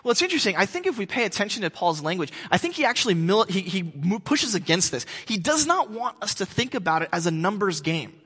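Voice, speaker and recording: A pastor preaching a sermon in a conversational way, with joking asides. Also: male voice, high voice, sing-song, fast, hardly any pauses, pushed and bright, husky, in a large hall.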